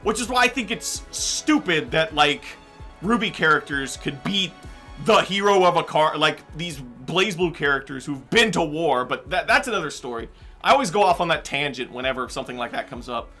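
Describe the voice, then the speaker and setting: A young man with a high, bright, forward voice chats loosely while he plays, drifting from one tangent to the next. His talk is peppered with "like" and "um," with an easygoing streamer feel. Faint game music plays under him. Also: animated, normal speed. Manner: rambling, tangent-prone, heavy use of "like" and "um". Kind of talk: casual chat while gaming.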